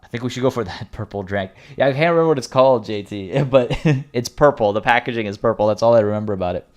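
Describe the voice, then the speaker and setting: A man's voice: medium pitch, fast talker. A man streaming a game live, chatting animatedly, joking and thanking viewers. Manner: animated, jokey, reads game text aloud. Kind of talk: live let's-play commentary.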